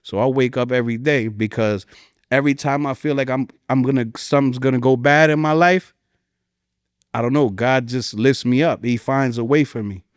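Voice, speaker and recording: A man's voice: normal speed, clear, resonant tone, dry recording, clean studio sound. A man in his forties from New Jersey with a New Jersey accent, a hip-hop artist talking in a heartfelt, rambling way as a podcast guest. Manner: heartfelt, rambling, voice rises high when recalling. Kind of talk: emotional interview talk.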